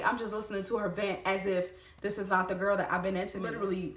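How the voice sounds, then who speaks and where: A woman telling a storytime vlog, animated and swearing freely, talking straight to her viewers. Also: mid-range voice, fast talker, hardly any pauses, echoey room. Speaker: vlogger.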